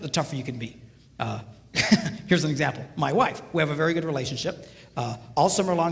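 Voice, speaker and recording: An older man giving a marriage seminar talk, telling animated stories and acting out the voices of the people in them. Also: a little high, creaky, long reverb tail. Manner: animated storytelling, acts out voices.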